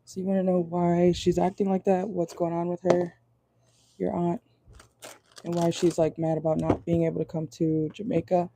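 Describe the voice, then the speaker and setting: Hoarse lady doing a casual tarot stream, voice almost gone, really dark and gravelly. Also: on the low side, little pitch movement, normal speed. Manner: chatty, reads viewer comments aloud. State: hoarse, voice going out. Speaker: tarot reader. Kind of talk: casual live tarot reading. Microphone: phone or laptop in a car.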